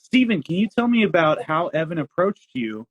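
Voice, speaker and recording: A man's voice: fairly high pitch, big pitch swings, moderate pace, low-quality recording. A man hosting a casual online show, upbeat and enthusiastic with his guests. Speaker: host.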